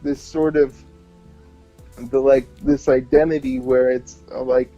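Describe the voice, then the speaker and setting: A man's voice: mid-range voice, little pitch movement, a little slow, mellow, soft background music. An American man with a slight New York-tinged accent, a musician guest chatting casually and playfully in an interview over slightly muffled audio. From Connecticut, USA. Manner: chatty, laughing, playful impressions.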